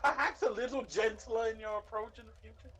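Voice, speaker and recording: A man's voice: extremely high pitch, fairly even intonation, fairly quick, fairly bright tone. A man voicing a blunt male adventurer who keeps tacking "mate" onto his lines. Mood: lecturing.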